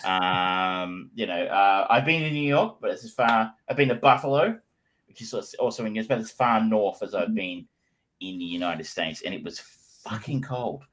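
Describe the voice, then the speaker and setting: A man's voice: on the low side, normal speed, a bit bright. An Australian man co-hosting a podcast, chatting casually and telling jokey stories with lots of fillers. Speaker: podcast co-host. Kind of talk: casual chat.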